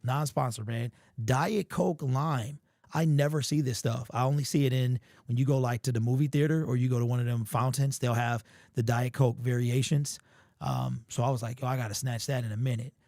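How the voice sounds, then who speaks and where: A man with a hoarse, sore-throated voice, hosting a casual sports livestream and chatting loosely with viewers. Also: medium pitch, fairly even intonation, moderate pace, darkish tone, dry recording, clean studio sound. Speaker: sports show host.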